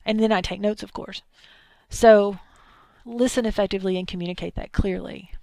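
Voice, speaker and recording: Brief: Southern-accented woman instructor, a little gravelly, talks through rules with casual asides. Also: medium pitch, fairly even intonation, moderate pace, mellow, no room sound. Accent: thick Southern US. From Arkansas, US South. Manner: chatty, digressive, with asides and acted-out quotes. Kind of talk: recorded lecture.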